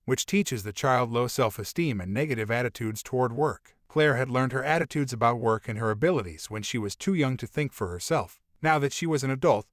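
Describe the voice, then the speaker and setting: A man reading nonfiction aloud as an audiobook narrator, in a calm and measured way. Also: medium pitch, dry recording, clean studio sound.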